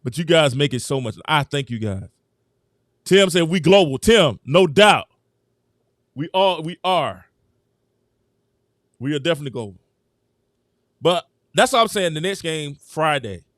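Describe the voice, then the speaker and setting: Animated man hosting a sports live stream. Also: a little high, unhurried, pauses often, no echo, studio quality. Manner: animated, emphatic, thanks viewers, talks straight to chat. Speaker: host.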